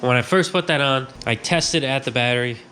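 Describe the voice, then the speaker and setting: A man's voice: mid-range voice, a little fast, bright, forceful tone, slight background noise. A man hosting a garage vlog, with a stuffed-up nose, telling a story in a chatty way and acting out his own reactions. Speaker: garage host. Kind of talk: casual workshop vlog.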